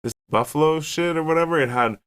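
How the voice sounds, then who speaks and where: A man's voice: on the high side, fast talker, clear, resonant tone. Man rambling through a swearing story. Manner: rambling, swears a lot, animated when quoting himself. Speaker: guest. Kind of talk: casual podcast storytelling.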